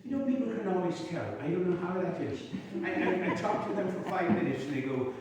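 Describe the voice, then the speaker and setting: A man's voice: high voice, animated, fairly quick, background noise. A man with an Irish accent performing in character as an Irish Union soldier, telling stories and singing with folksy, rambling asides to the audience. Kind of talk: storytelling in character, with sung songs. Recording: echoey hall, mic far off.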